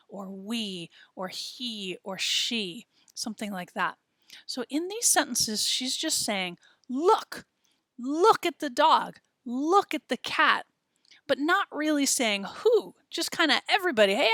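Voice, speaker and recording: A woman teaching a beginner lesson, explaining patiently and repeating words, recorded in a quiet studio. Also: medium pitch, no echo. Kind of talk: classroom lesson narration.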